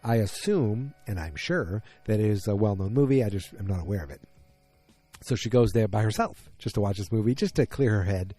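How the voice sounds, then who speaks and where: Man, from Massachusetts, low mellow voice, casual rambling TV recap, mimics characters' lines, faint background music. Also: a little fast. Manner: rambling, acts out quotes in little voices. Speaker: TV episode recapper.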